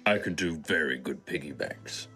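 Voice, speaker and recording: A man's voice: rumbling low, moderate pace, pushed and bright, soft background music. A man voicing an earnest, enthusiastic, good-natured adventurer. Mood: helpful.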